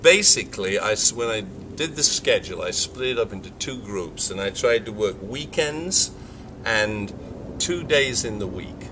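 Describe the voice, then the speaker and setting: A man's voice: on the low side, animated, moderate pace, background noise. An older man, a film director, answering interview questions in rambling talk with frequent restarts and self-corrections. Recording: voice from a distance from the mic.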